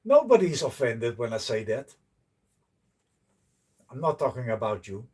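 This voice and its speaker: A man's voice: medium pitch, sing-song, a little slow, a little mellow, slightly rough, recorded from a distance. A man chatting to viewers on a casual livestream, blunt and joking, swearing freely. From Netherlands. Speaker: livestreaming host. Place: outdoors by a canal.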